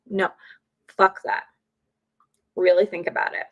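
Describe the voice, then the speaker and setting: A woman's voice: medium pitch, level tone, normal speed, creaky, pauses often, rough recording. A woman chatting casually on a live stream, blunt and opinionated, swearing freely. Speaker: streamer, podcaster. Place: home.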